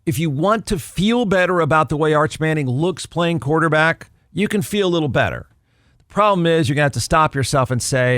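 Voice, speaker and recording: A snarky man gives solo sports commentary, talking like he is chatting with listeners and circling back to the same point for emphasis. His voice sits a little high for a man, and the recording is dry and close with no room sound. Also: animated, a little fast, fairly bright tone, no echo. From Texas. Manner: snarky, conversational, repeats himself for emphasis. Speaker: podcast host.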